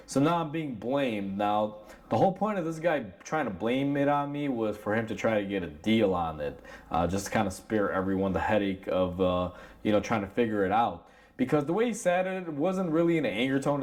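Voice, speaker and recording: A man's voice: mid-range voice, animated, a little fast, darkish tone. A man, a mechanic, casually telling a story from his shop straight to camera, candid and conversational, full of "you know" and "like" as he acts out both sides of the exchange. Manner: many fillers like "you know" and "like". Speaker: auto mechanic, shop owner.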